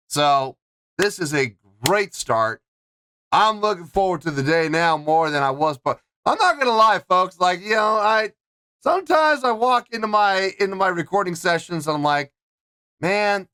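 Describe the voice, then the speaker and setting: A man reviewing a track in relaxed, chatty reaction style, his fairly high voice swinging up and down with enthusiasm. His tone is bright and forward, and he keeps turning to his viewers as folks. Faint music sits under him. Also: slight background noise. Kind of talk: casual reaction commentary. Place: his recording setup.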